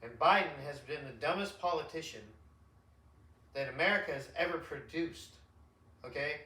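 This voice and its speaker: A man's voice: a little high, normal speed, bright, forceful tone. A man hosting an unscripted podcast, talking in an emphatic, slangy, rambling way. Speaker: podcast host. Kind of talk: unscripted casual chat. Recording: echoey room, distant mic.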